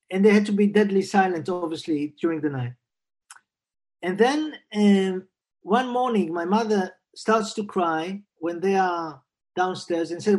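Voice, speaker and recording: A man in his sixties, a psychiatrist and Jungian analyst, telling a personal family story in a thoughtful, unhurried way, often repeating words as he goes. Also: high voice, darkish tone.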